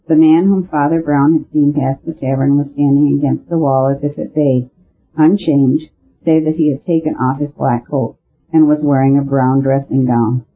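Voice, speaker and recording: Guy reading an old detective story, husky, higher voice, sounds like over the phone. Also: phone-quality sound. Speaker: audiobook narrator. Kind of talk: scripted narration.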